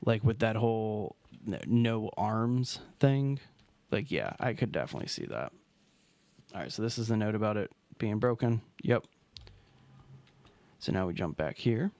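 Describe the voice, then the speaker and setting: A man's voice: fairly low pitch, normal speed, vocal fry, no room sound. A man streaming a video game, talking casually and rambling as he plays. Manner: rambling, relaxed, trails off mid-sentence. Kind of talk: casual gameplay commentary.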